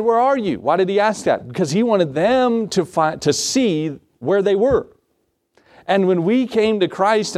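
A male pastor preaching a sermon, animated, often asking the congregation rhetorical questions. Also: on the high side.

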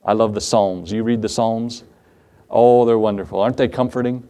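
A man's voice: on the low side, steady tone, normal speed, dark tone. A man preaching a sermon, reading scripture and telling folksy stories with rhetorical questions to the congregation. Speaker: pastor.

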